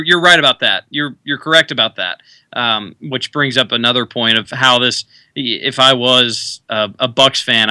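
A man's voice: medium pitch, pushed and bright, dry recording. A young man hosting a sports radio show, chatting casually with fillers and restarts. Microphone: studio mic.

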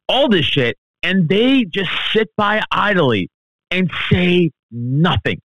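A man's voice: high voice, expressive, slow pace, fairly bright tone, no room sound, muffled recording. A male comedian as a podcast guest, ranting heatedly and swearing a lot. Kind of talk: podcast interview.

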